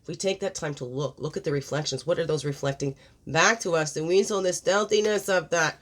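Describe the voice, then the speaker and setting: A woman's voice: deep voice, a little fast. Reflective woman giving a daily card reading. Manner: reflective, asks many questions, warm encouragement. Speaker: spiritual guidance host.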